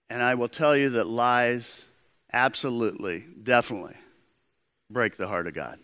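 A man's voice: medium pitch, moderate pace, pushed and bright, smooth, no room sound. A man preaching a sermon as pastor, in a conversational storytelling manner.

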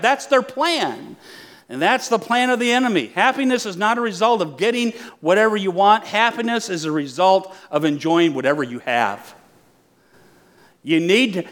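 An older man preaching with a notably high voice, pressing his points home with rhetorical questions and playful acted-out prayers. His delivery is emphatic and direct, like a pastor talking to his congregation. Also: fairly bright tone. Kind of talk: sermon.

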